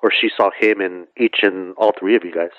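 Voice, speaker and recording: A man interviewing a guest, asking his questions haltingly and padding them with filler phrases. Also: deep voice, steady tone, no echo. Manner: halting, padded with "you know". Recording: dull lo-fi dry recording.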